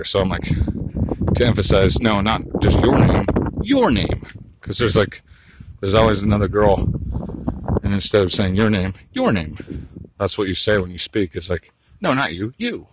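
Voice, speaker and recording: A man's voice: lowish voice, fairly quick, background noise. A man talking to his phone while walking outdoors, rambling and crude, muttering asides to himself. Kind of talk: rambling monologue vlog.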